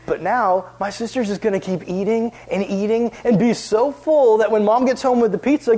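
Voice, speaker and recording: High-voiced man preaching to youth. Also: a little fast, few pauses. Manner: lively, chuckling storyteller, asks the audience questions. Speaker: youth pastor. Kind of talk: storytelling sermon.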